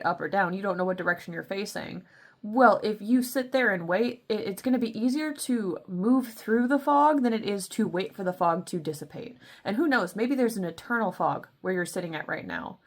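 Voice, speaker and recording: A woman giving a casual tarot and crystal reading in a playful, chatty way, calling her listeners baby. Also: lowish voice. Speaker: tarot reader.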